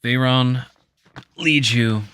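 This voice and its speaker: A man's voice: medium pitch, steady tone, very slow, a bit bright, smooth. A man narrating as game master in a casual, loose way. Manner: casual, loose, many fillers.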